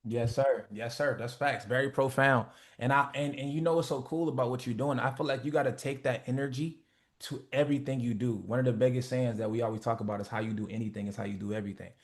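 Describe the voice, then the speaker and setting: Casting note: male motivational host, medium pitch, blunt and profane, preaching to a group call. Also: fairly even intonation, fast. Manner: blunt, profane, preachy, acts out quoted people. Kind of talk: casual motivational talk.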